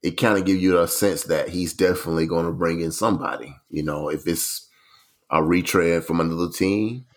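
A man's voice: low voice, steady tone, fairly quick. A man as a podcast guest in casual sports chat, laid-back and rambling.

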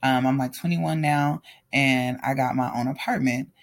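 A man's voice: mid-range voice, normal speed. A man telling a personal story in a casual, candid way, talking straight to his viewers. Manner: candid and animated, addresses viewers directly.

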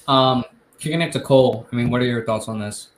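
A man's voice: medium pitch, a little fast, reverberant. A man hosting a casual sports podcast, steering topics and passing questions to his co-hosts. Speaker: podcast host.

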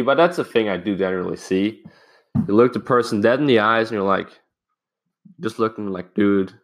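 A man's voice: fairly low pitch, a bit bright. A young man hosting a casual self-help talk, rambling and swearing as he tells a school story and acts out the people in it. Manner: rambling, swears freely, acts out quoted lines. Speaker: podcast host.

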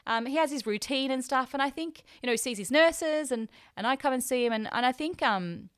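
Her voice is high-pitched, brisk and smooth as this young Australian podcast host recounts a personal story from a hotel room. She's chatty and emotional, playing herself and others in lively voices, with clean studio sound and no echo.

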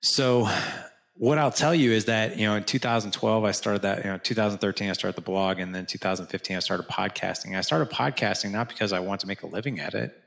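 A man's voice: fairly low pitch, fast, gravelly. A man, a podcast guest, telling his story in a conversational way, acting out quoted dialogue with lots of restarts and "like" fillers. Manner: animated, acts out quoted dialogue. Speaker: podcast guest, founder of a fathers' organization.

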